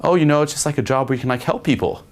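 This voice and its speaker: A man's voice: a little high, rapid-fire, voice pushed up, natural voice. A man voicing a friendly young woman who works as a nurse, in an easygoing, slightly raised voice. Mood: breezy.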